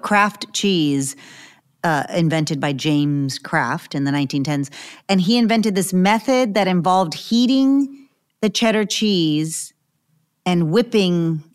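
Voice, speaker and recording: Woman cohost, lowish voice, animated chatty, laughs a lot. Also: takes it slowly. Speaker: podcast co-host. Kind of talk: casual chat.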